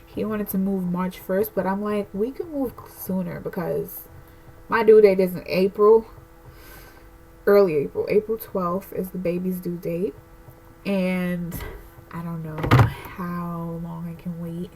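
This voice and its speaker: A woman's voice: on the low side, steady tone, a little slow, dark tone, rough recording. A pregnant young woman vlogging a candid, emotional rant to camera, rambling with lots of fillers. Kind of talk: casual personal rant to camera.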